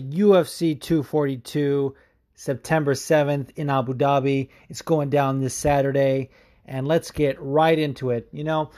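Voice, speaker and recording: Mellow-voiced man rambling casually. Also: mid-range voice. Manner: rambling and profane, heavy on "like". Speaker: podcast host. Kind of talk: casual chat.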